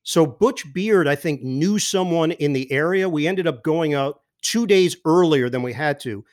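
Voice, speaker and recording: A man who works as a sports broadcaster, telling lively anecdotes as a podcast guest and mimicking the people in them. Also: a little high, normal speed. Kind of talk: animated storytelling in a podcast interview.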